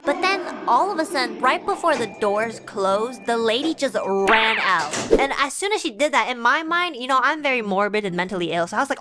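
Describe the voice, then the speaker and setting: Bright, chatty young woman streamer. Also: on the high side, brisk, few pauses, soft background music. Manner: rambling, animated, full of fillers and laughs. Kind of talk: casual storytelling to viewers.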